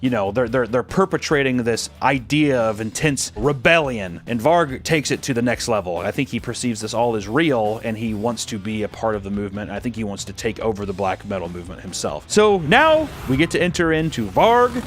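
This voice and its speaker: A man's voice: medium pitch, animated, a little fast, few pauses. A man hosting, telling a story casually in a sarcastic, joking way and swearing freely. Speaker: host.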